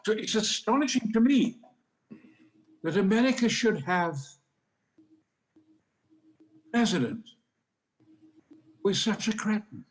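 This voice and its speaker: A man in his eighties with a Yorkshire accent, telling bawdy anecdotes in a booming, dramatic, theatrical style as a talk show guest. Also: animated, normal speed, pauses often. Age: 80s. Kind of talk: theatrical storytelling.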